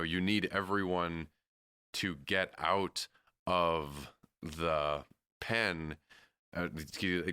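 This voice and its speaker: Low-voiced bright, crisp man. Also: dry recording, clean studio sound. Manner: thoughtful, analytical, hesitant restarts. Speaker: podcast co-host. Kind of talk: casual film discussion.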